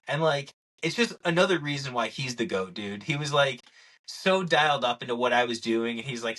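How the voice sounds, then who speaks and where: A man's voice: mid-range voice, fairly quick. A young man co-hosting a casual podcast, telling stories animatedly and acting out what people said. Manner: animated storyteller, acts out quotes. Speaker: podcast co-host. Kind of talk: casual chat.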